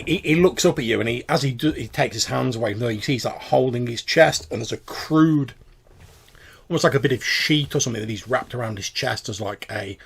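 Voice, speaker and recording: A man narrating as game master of a tabletop game, halting and full of fillers. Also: medium pitch, gravelly, a bit bright, slight background noise.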